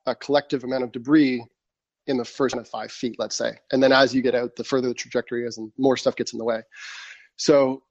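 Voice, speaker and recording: A man who was once a soldier, telling stories from his service in a casual, animated chat, acting out his younger self. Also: mid-range voice, dry recording, highs cut off. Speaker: guest. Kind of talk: casual storytelling.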